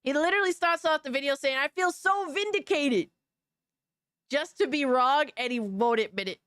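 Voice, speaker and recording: Picture a woman streamer riffing on gaming news for her chat, cursing freely and breaking into laughter between thoughts. Her voice sits a bit high and sounds close and dry, with no room around it. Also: expressive, fast talker, a bit bright, no echo. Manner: loose and profane, laughing often, calling people brother and dog. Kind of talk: casual live-stream chat reacting to news.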